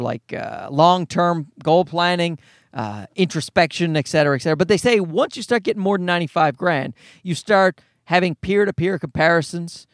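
A man's voice: on the high side, dry recording, studio quality. A man in his forties hosting a casual solo podcast, rambling, swearing freely and poking fun at himself. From Canada. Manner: rambling, profane, self-deprecating. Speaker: podcast host.

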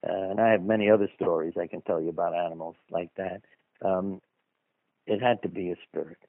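Man, low voice, guest storyteller, rambling conversational manner, thin phone-line sound. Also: no echo. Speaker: guest author. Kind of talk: anecdotal storytelling in a radio interview. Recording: dry phone-line audio.

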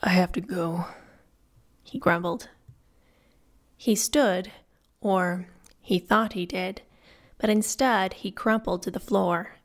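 Woman audiobook narrator, slow measured read, mid-range voice. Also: medium pitch, creaky. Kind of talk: scripted narration.

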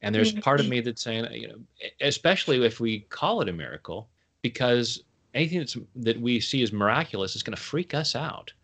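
A man chatting as an interview guest, playful and quick to laugh at his own jokes. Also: mid-range voice, very animated, a bit bright. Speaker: guest, tapping coach. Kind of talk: casual interview chat.

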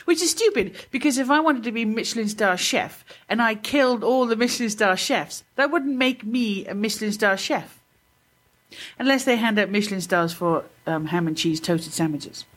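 A British woman co-hosting a podcast, sarcastic and animated, laughing often. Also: a little high, moderate pace. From Britain. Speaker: podcast co-host. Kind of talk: casual banter.

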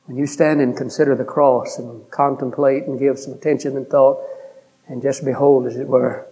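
A man, preaching a sermon with an earnest, pleading delivery and a hoarse throat. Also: mid-range voice, mellow. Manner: earnest, pleading, drawn-out pauses.

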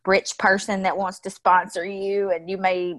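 A woman's voice: medium pitch, little pitch movement, normal speed, a bit bright. A woman speaking as a podcast guest, blunt and outspoken, swearing freely in casual conversation. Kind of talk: casual interview chat.

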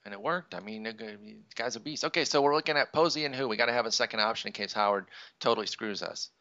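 A man's voice: lowish voice, fast, pushed and bright, muffled recording. A man co-hosting a podcast, chatting casually while drafting a fantasy team and breaking into frustrated, swearing outbursts. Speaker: podcast co-host. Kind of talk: casual chat during a live fantasy draft.

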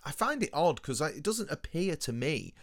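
A man's voice: fairly high pitch, sing-song, normal speed, a bit bright. A man co-hosting a casual podcast chat, making dry, opinionated remarks. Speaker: podcast co-host.

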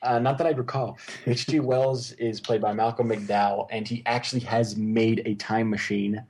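A man's voice: fairly low pitch, flat delivery, normal speed, a little mellow, a little hiss or hum. A man co-hosting a casual movie chat, rambling and enthusiastic, full of fillers and restarts. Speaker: podcast co-host.

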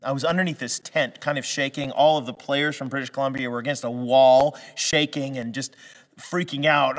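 A man's voice: a little high, steady tone, moderate pace, a bit bright, big-room sound. A man from western Canada preaching a sermon in a conversational way, with restarts and fillers that build to emphatic peaks. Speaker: pastor.

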